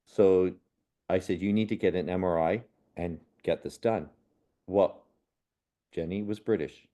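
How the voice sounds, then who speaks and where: A man with a lowish, warm, mellow voice, speaking as a medium on a podcast. He tells personal stories earnestly and without hurry, sometimes laughing softly or restarting a sentence. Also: steady tone, measured pace, highs cut off. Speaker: guest, spiritual medium and healer. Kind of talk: reflective personal storytelling in a podcast conversation.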